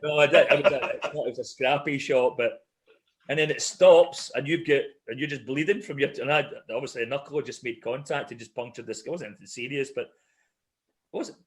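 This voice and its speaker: A man co-hosting a casual podcast tells anecdotes with plenty of animation, laughing his way through them. His voice is mid-range and he talks fairly quickly.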